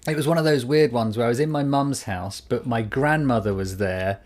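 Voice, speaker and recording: Man, from the UK, podcast co-host, casual chat, animated storytelling, mid pitch. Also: normal speed. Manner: animated storyteller, acts out quoted voices. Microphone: studio microphone.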